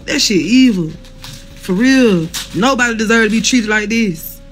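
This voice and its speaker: A woman's voice: a little high, expressive, normal speed, soft background music. Blunt woman in pain, laughing and cursing. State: in pain, near tears. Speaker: livestreamer reading viewer comments. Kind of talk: casual live chat with viewers. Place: hospital room.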